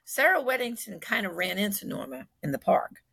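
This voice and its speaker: Gravelly, husky woman telling a story. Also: medium pitch, a little fast. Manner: animated, acts out quoted speech, frequent fillers. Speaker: speaker recounting a personal acquaintance's story. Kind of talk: conversational storytelling.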